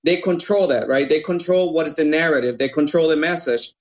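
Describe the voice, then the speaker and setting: A man's voice: fairly high pitch, fairly quick. A man from Puerto Rico, a radio broadcaster, explaining his view persuasively as an interview guest. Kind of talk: casual interview talk. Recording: muffled lo-fi audio.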